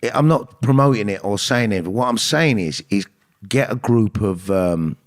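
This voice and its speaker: A man telling personal stories in an interview, animated and acting out the voices of people he quotes, with frequent restarts. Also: fairly low pitch, normal speed. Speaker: actor and guest. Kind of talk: candid interview storytelling.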